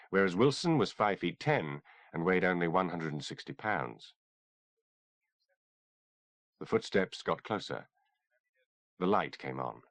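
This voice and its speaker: Casting: male horror audiobook narrator, low voice, animated delivery, dry close mic. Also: no room sound. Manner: dramatic, expressive reading.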